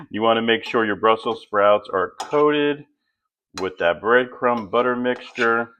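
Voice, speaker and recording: A middle-aged man hosting a home cooking demonstration, walking through each step in a relaxed, chatty way. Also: medium pitch, unhurried, a little hiss or hum. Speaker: home cook host.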